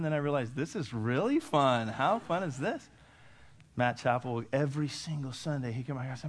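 A man's voice: medium pitch, expressive, normal speed. A man preaching a storytelling sermon who acts out the voices of the people in his story and laughs as he goes.

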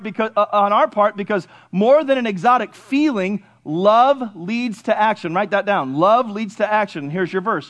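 A man preaching a sermon as pastor, asking the congregation questions and answering them himself, at times building to excited shouting. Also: sits high.

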